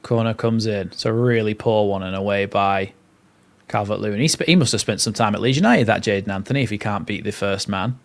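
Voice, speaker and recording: Guy doing chatty live match commentary for his fan stream, kinda low voice. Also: brisk. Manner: chatty play-by-play mixed with rambling asides. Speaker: fan channel host.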